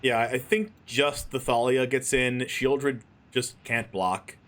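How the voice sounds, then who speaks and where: A mid-pitched male streamer joins the broadcast as co-commentator, chatting loosely about the plays. His delivery is casual and conversational. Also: slow. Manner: chatty, relaxed color commentary. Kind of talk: live game commentary.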